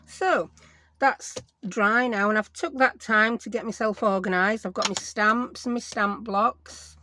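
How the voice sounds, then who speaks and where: A woman's voice: a little high, fairly bright tone. Yorkshire lady nattering away while she crafts, middle-aged, chatty, pokes fun at herself. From Yorkshire, England. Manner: rambling, chatty, self-mocking. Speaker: crafting channel host. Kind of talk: casual chatty crafting vlog.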